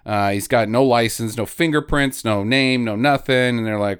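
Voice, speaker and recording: A man's voice: mid-range voice, moderate pace, hardly any pauses, fairly bright tone, clear, resonant tone. A man co-hosting a podcast, recapping a movie in casual chat, laughing often and acting out characters' lines. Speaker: podcast co-host.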